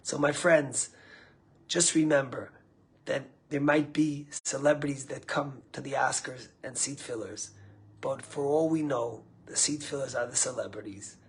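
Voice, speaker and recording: Very breathy, husky rabbi giving a sermon. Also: male voice, mid-range voice, fairly even intonation, unhurried. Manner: rises with emphasis, trails off to near-whispers at phrase ends. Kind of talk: sermon with storytelling.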